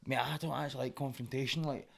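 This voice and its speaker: A young Glaswegian man talking fast and rambling in a casual podcast chat. He swears freely and his voice sits at an ordinary pitch. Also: steady tone, vocal fry, a bit bright. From Scotland. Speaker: guest.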